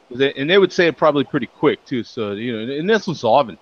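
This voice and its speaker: A man's voice: medium pitch, expressive, brisk, slightly rough, lo-fi sound. A man hosting a casual beer chat show, laughing often and joking as he reads out tasting notes. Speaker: podcast host.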